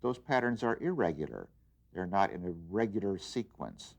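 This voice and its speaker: A man with a fairly low voice teaches an art lesson. He talks through his demonstration patiently and plainly, often pausing on fillers and starting phrases over. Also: big pitch swings, gravelly. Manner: plain, patient explaining with frequent fillers and restarts. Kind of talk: instructional demonstration.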